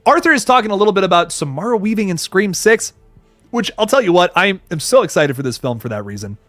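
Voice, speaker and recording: A young man hosting a live horror movie talk stream, chatting casually and reading comments, excitable and rambling, swearing often and laughing a lot. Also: sits high, quick pace, dry recording, soft background music.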